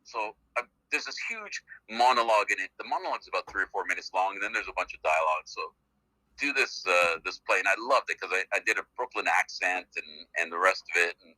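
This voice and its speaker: Canadian male actor, middle-aged, phone guest; chatty rambler, low-pitched, very bright and tense. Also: animated, quick pace, dry recording, low-quality recording. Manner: chatty, rambling storyteller with many fillers. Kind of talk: casual phone interview. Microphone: phone call.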